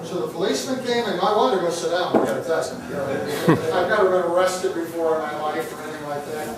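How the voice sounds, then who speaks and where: A man's voice: a little high, fast. Indignant man telling a story in an echoey hall. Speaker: political speaker. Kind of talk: storytelling speech. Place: meeting hall with audience. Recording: roomy hall from far off, crowd. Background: crowd.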